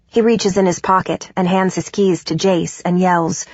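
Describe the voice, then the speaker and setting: A woman narrating a first-person audiobook in a steady, even way. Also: fairly low pitch, a little slow, no room sound. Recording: dull, dry studio recording.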